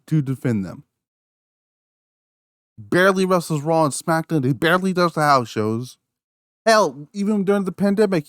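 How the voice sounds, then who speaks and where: A man's voice: fairly high pitch, no room sound. Man, podcast host, angry swearing rant, stumbling restarts, dry room. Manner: angry, profane, repeats words and restarts. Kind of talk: solo rant review.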